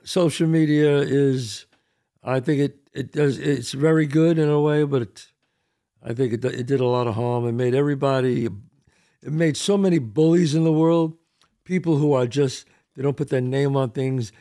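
A man hosting a casual chat show, telling stories in an animated way. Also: mid-range voice, moderate pace. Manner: animated storyteller. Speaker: host.

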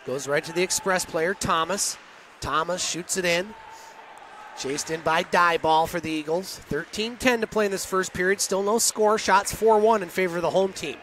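A man calling hockey play-by-play in rapid, clipped phrases, with chatty asides to his partner and listeners. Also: high-pitched, a bit bright, slight background noise. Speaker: play-by-play announcer.

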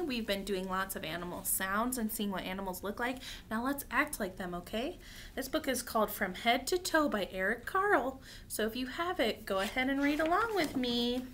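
A woman's voice: a little high, fairly bright tone, a little hiss or hum. A young woman teaching preschoolers, reading a picture book aloud in a sing-song, coaxing way and inviting children to join in. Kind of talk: children's story time.

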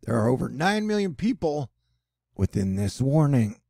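Man hosting casual weather news, jokey and rambling, gravelly, husky. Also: mid-range voice, sing-song, moderate pace, dark tone, no echo, studio quality. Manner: jokey, rambling, self-deprecating asides. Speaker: host of a news and weather channel.

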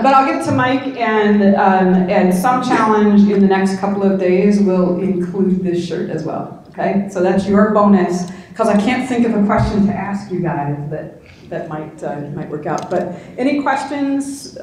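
A middle-aged woman talks to a conference room in a relaxed, conversational way, checking in with the audience as she goes. Her voice rings out in a very echoey room. A faint hum sits underneath. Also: mid-range voice, unhurried. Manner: conversational, with frequent tag questions. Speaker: conference speaker. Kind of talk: conference talk.

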